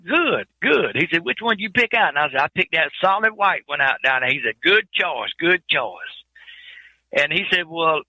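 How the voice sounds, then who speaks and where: Man, folksy storyteller, bright forceful tone, dry sound. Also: fairly high pitch, no echo, poor audio. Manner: folksy Southern speech, quotes others with raised voice, many repeated words. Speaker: guest trucker telling his story. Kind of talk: storytelling interview.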